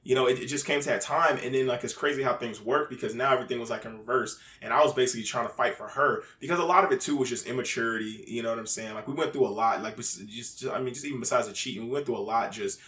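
A man's voice: medium pitch, rapid-fire, hardly any pauses, fairly bright tone. A man in casual, candid chat, full of fillers and swearing freely. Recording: roomy echo.

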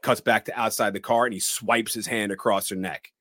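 A man's voice: fairly low pitch, steady tone, a little fast, fairly bright tone, no room sound. A man co-hosting a podcast, recapping a movie scene by scene and acting out the characters' lines. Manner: narrates scenes dramatically, quoting characters in shifted voices. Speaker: podcast co-host.

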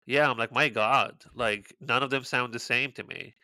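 A man's voice: medium pitch, fairly even intonation, moderate pace, pushed and bright, no room sound. A man co-hosting a podcast, chatting casually, sarcastic and exclaiming with frequent swearing. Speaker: podcast co-host. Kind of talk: casual chat.

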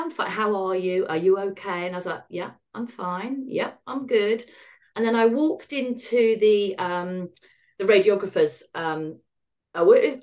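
A middle-aged woman talks candidly as a podcast guest. Her delivery is frank and wry, and she voices the remembered exchanges as if replaying them. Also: medium pitch. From United Kingdom. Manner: frank and self-deprecating, acts out quoted dialogue. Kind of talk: candid personal storytelling.

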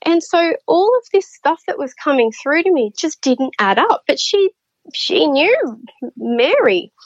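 A woman's voice: high voice, a little slow, no echo, muffled recording. A woman, a podcast guest, telling stories casually and acting out the voices of the people in them. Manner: animated, acts out voices in her stories. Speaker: podcast guest, spiritual medium. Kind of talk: casual storytelling.

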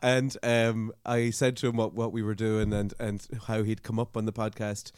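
An Irish man co-hosting a podcast in casual chat, jokey and quick to laugh as he reads out news items. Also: on the low side, little pitch movement, a little mellow, smooth, dry recording, studio quality. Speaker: podcast co-host.

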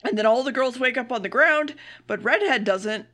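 A woman's voice: fairly high pitch, lively intonation, normal speed, sharp tone. A woman co-hosting a casual anime podcast, summing up episodes bluntly and swearing freely. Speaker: podcast co-host. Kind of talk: casual comedic anime recap.

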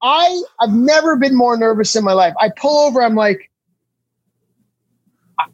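A Canadian man telling comic stories in a casual chat, acting out what people said with big jumps in pitch. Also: normal speed, no echo, lo-fi sound. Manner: animated storyteller, acts out quotes with big jumps in pitch. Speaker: comedian guest.

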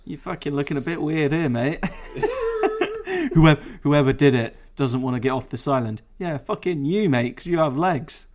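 A man's voice: fairly high pitch, a little fast, hardly any pauses, a little mellow. A man co-hosting a casual podcast chat, swearing freely and laughing often. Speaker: podcast co-host.

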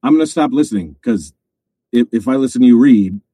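A man's voice: medium pitch, expressive, a little fast, warm tone, breathy edge, no echo. A man in his forties hosting a podcast in casual chat, laid-back and swearing freely. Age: 40s. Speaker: podcast host.

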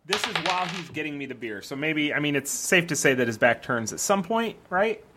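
A man playing in a tabletop game, chatty and excitable, often stammering and restarting. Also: fairly high pitch, fairly quick. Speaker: player. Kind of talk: casual tabletop role-play chat.

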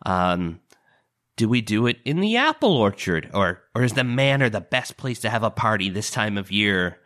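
Eager young noble guy in a put-on accent, a player doing it, bright voice climbing up as he talks. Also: lowish voice, very animated, moderate pace.

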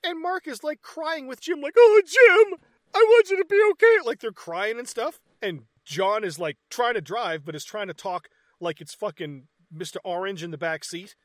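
High-voiced, profane man, dry sound. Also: normal speed, hardly any pauses, dry recording. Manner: profane, animated, mocking. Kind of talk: casual chat reviewing a movie.

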